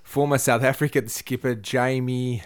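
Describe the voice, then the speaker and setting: A man's voice: medium pitch, steady tone, moderate pace, smooth. A man, a regular on a podcast, who laughs often and answers with banter. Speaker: podcast panelist. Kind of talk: casual chat.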